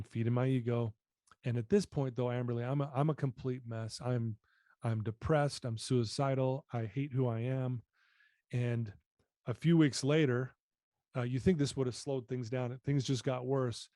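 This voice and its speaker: A man's voice: mid-range voice, dark tone, dry recording, studio quality. A middle-aged man telling his own story as a podcast guest, earnest and candid, often repeating words as he goes. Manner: earnest, candid, repeats phrases while confessing. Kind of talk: storytelling in an interview.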